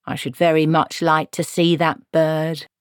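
A woman voicing a fussy, evasive male dwarf craftsman who talks slowly and deliberately. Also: deep voice, level tone, clean tone, no echo, studio quality. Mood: wry. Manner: slow, deliberate, pondering.

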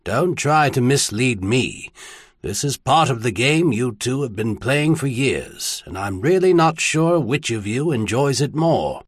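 Casting: male narrator doing a calm older archbishop, measured and husky, audiobook reading. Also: mid-range voice, no room sound, studio quality. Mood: mild. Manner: mild, measured, then grave. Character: older male archbishop, mild and knowing, old friend.

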